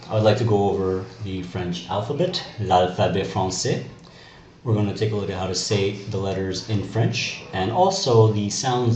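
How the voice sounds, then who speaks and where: A man's voice: lowish voice, a little mellow. A man from Canada teaching a class through a video lesson, explaining carefully and spelling out letters one by one. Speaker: French teacher. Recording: echoey room with faint noise.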